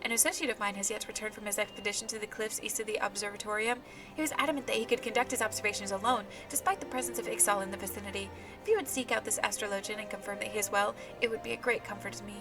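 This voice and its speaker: A woman's voice: mid-range voice, fairly even intonation, rapid-fire, over music, lightly acted. A woman reading out a courteous, worried astrologian in her own plain voice. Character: polite, worried astrologian asking a favor.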